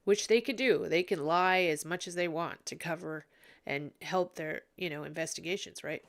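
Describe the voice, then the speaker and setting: A woman giving a psychic reading in a vlog, hesitant and full of pauses, tearful and sniffly. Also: fairly low pitch. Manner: hesitant, many ums and restarts. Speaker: psychic reader. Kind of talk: emotional psychic commentary vlog.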